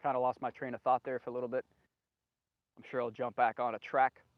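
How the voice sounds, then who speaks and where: A man's voice: medium pitch, flat delivery, quick pace, no echo. A man hosting a solo video monologue, rambling, repeating himself emphatically and losing his train of thought. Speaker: video host. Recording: dull lo-fi, dry sound.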